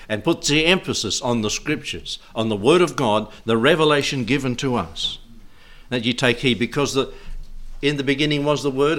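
A man's voice: medium pitch, fairly bright tone. A man preaching a sermon, reading scripture aloud in old-fashioned wording and urging his listeners on in an earnest, exhorting way.

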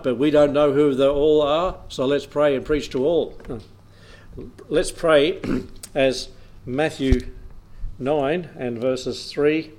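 A man's voice: fairly high pitch, a little mellow. A man preaching a Bible teaching in an easy, conversational way, reading scripture aloud and chuckling now and then.

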